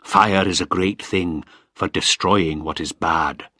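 Man doing a slow, grim local man. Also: low-pitched, fairly even intonation, bright, forceful tone, no echo, studio quality, full character voice. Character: dependable male local boatman, grim.

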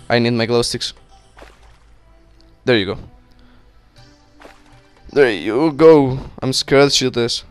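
A young man giving casual, excitable let's play commentary, swearing and talking to himself as he plays. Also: mid-range voice, clear, resonant tone, dry recording. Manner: cursing, excitable, talks to himself. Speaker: gaming YouTuber.

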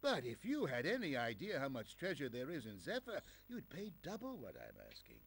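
A man's voice: mid-range voice, huge pitch swings, a little fast, fairly bright tone, a little hiss or hum. An actor playing a greedy, scheming bear merchant in a video game, with a British accent and smug salesman patter. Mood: sly.

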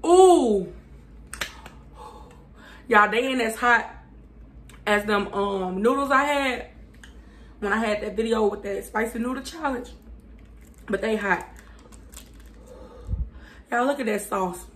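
A woman reviewing fast food on her channel. She chats casually with viewers, talks with her mouth full and hums between bites because the food is burning her mouth. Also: a little high, a bit bright. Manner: chatty, addresses viewers as y'all, hums while eating.

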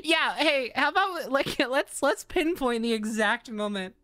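A woman streamer giving live commentary on a horror game, swearing, laughing and yelling when she gets startled. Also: high voice, expressive, unhurried, no echo, studio quality. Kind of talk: live let's-play commentary.

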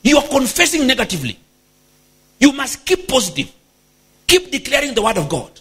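A brash, bossy apostle insists his master keep talking positive, as a preacher puts him on. The voice sits high, lively, and a bit husky, pushing each point with quick emphasis. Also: full character voice.

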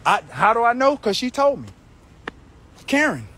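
Indignant high-voiced man filming outdoors. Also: big pitch swings, normal speed, pushed and bright, a little hiss or hum. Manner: indignant, incredulous, repeats himself. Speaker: person filming a street dispute. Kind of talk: heated street confrontation and vlog commentary. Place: outdoors on a residential street. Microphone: handheld phone camera.

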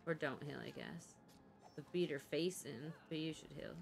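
A woman's voice: sits low, normal speed, faint music behind. A woman co-streaming, giggling and coaching the player through a fight. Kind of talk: casual gameplay chat.

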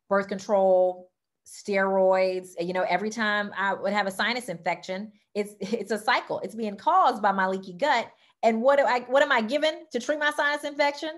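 An animated woman with a Southern accent chats about wellness products in a casual, excitable way. She often trips over her words when she gets excited, and she sprinkles in y'all and okay. Her voice sits at an ordinary pitch. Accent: Southern American. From Louisiana, United States. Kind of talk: casual product talk to camera.

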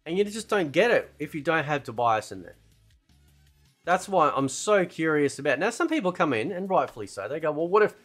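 Animated man ranting about games. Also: a little high, fairly quick, soft background music. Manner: animated, rambling, peppered with "right?" and "man". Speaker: gaming channel host. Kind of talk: casual opinion commentary.

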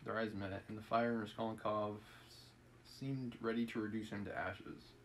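A man's voice: fairly low pitch, little pitch movement, moderate pace, a little hiss or hum, low-quality recording. A man reading a novel aloud on a live stream, chatting and laughing about it between passages.

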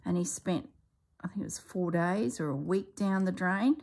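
A woman's voice: lowish voice, normal speed, creaky, a little mellow. A woman vlogger chatting casually as she stitches, rambling and talking herself through each step in a murmur. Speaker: crafting vlogger. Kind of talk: casual chat while stitching.

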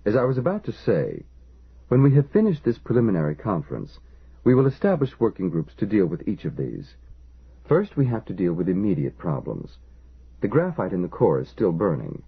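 A man's voice: sits low, wildly swooping pitch, normal speed, husky, full character voice. A man voicing a dry, authoritative male official chairing a crisis meeting. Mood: commanding. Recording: lo-fi phone-like audio.

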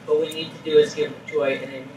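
A man's voice: a little high, flat delivery, fairly quick. A man moderating a live panel interview, enthusiastic and keeping things moving. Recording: echoey room, distant mic, noisy.

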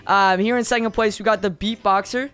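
A man's voice: high voice, fairly even intonation, brisk, a bit bright, clear, resonant tone, faint music behind. A young man hosting and judging a talent show in a gaming video, gushing with repeated exclamations and lots of "like". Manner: enthusiastic, repeats exclamations, filler "like". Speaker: host and judge of a talent show. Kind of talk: excited gaming video commentary.

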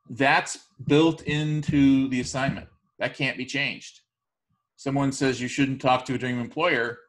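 A male college instructor giving a recorded online lecture, speaking in a measured way with frequent fillers and restarts. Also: mid-range voice, a bit bright.

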